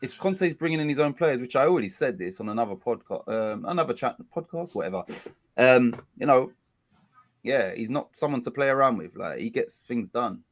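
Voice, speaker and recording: Hosting a relaxed football watch-along stream, this Englishman speaks animatedly and a little fast from the middle of his pitch range. His talk is loose and rambling, full of self-corrections, as he chats with his audience.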